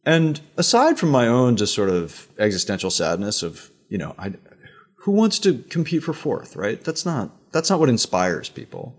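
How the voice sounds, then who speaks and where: A middle-aged man, a media executive guest, talking in an animated storytelling way with emphatic asides in a conversational interview. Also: mid-range voice, moderate pace.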